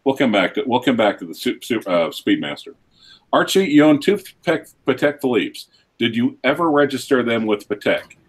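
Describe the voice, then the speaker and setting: A man from Oklahoma, co-hosting a livestream and reading out viewer donations and time checks in a relaxed way. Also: medium pitch, normal speed, breathy edge. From Oklahoma, United States. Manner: relaxed, reads out donations and timekeeping. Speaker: co-host reading viewer messages. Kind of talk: casual livestream chat.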